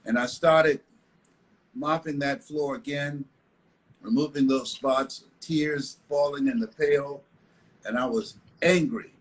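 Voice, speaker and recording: He's an older motivational speaker from the United States, telling stories emphatically and repetitively in a live online interview. His mid-range voice moves slowly with fairly even intonation, and the video-call audio is poor.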